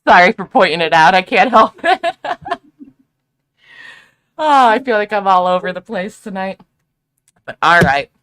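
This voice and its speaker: A woman's voice: medium pitch, lively intonation, measured pace, pauses often, fairly bright tone, clean tone. A woman hosting a casual live stream, upbeat and slangy, laughing often. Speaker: stream host.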